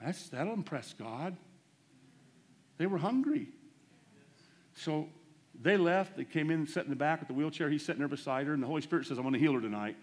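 A man preaching a storytelling sermon in a fairly high voice. He is animated and self-deprecating, jumping from loud bursts to hushed asides as he acts out each exchange. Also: a little fast, long pauses.

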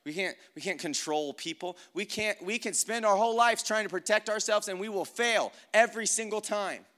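A man's voice: high-pitched, moderate pace, a bit bright. A man giving a casual, earnest personal testimony, talking in a loose conversational way with many fillers. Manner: casual and conversational, heavy use of "like"; earnest, reflective storytelling. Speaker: speaker sharing a faith story.

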